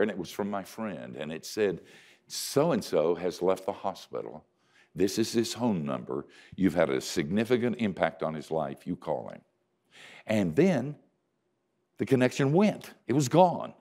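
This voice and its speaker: An older pastor with a deep voice tells a story during his sermon, using dry, self-mocking humor. He swings between loud emphasis and hushed quiet.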